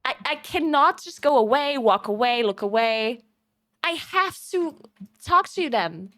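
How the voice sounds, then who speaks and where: A woman's voice: high-pitched, a little slow, no echo, clean studio sound. A young woman from Italy, a streamer, chatting casually with viewers and telling stories with a lot of laughter. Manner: animated storytelling, laughs often.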